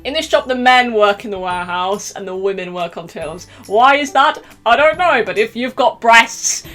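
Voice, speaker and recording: A young woman chatting through a storytime vlog, animated and laughing often as she acts out the quotes. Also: medium pitch. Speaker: YouTuber telling a story. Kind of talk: casual storytime chat.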